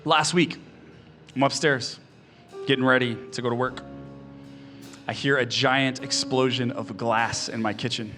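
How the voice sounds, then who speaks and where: A man in his thirties, a pastor giving an earnest sermon, often soft-spoken and picking up speed when telling stories. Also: medium pitch, steady tone, a little slow, pauses often, soft background music. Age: 30s.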